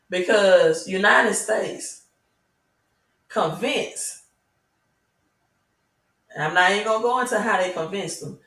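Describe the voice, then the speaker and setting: A woman's voice: medium pitch, fairly bright tone. A Southern-accented woman hosts a livestream and talks at viewers in an emphatic, preachy way, with rhetorical questions like "right?" throughout. She sits back from the mic. Her voice rings in a roomy, echoing space. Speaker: crypto channel host. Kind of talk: livestream talk reading chat. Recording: roomy echo, mic at a distance.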